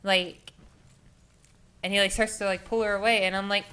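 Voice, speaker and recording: A woman's voice: medium pitch, little pitch movement, moderate pace, sharp tone, a little hiss or hum. A young adult woman telling a story casually, rambling and profane, with many filler words. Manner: rambling, profane, heavy with "like" and "you know".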